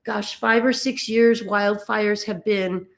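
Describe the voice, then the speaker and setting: Woman from the Los Angeles area, mid-pitched and gravelly, casual explainer, worn out, halting delivery. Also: fairly even intonation. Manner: halting, stumbling over words, many fillers. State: emotionally tired. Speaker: dog rescue volunteer. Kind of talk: casual explainer while sharing a map on screen.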